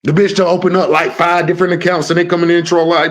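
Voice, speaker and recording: A man's voice: fairly high pitch, flat delivery, fast talker. A man hosting a live stream, ranting at trolls in a brash, profane and confrontational way. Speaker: livestream host.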